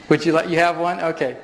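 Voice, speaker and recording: A man runs a live workshop demonstration on stage, explaining every step in a slightly high voice. He chuckles often as he talks. His voice rings with the long reverb of a large hall. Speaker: workshop presenter.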